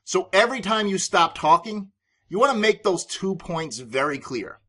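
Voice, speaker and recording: A man's voice: high voice, animated, moderate pace, fairly bright tone. A man hosting a business podcast, giving sales advice in an emphatic, authoritative way. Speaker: podcast host and sales coach.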